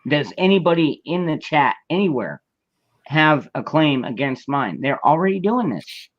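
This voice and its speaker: A man's voice: a little high, very animated, normal speed, no echo. Hesitant man on a lo-fi mic. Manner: hesitant, repeats words. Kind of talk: casual chat. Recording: dull lo-fi sound.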